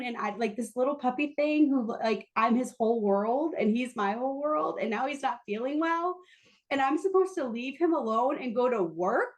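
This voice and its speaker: Animated woman telling a candid story. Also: a little high. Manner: animated, self-deprecating, quick asides. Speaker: interview guest. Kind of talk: candid storytelling in a podcast interview.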